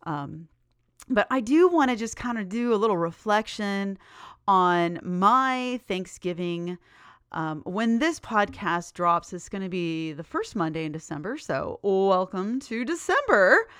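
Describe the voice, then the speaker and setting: A woman's voice: medium pitch, fairly bright tone, no echo, studio quality. A woman hosting her own podcast in a bubbly, enthusiastic, chatty way. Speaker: podcast host. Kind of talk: casual solo podcast chat.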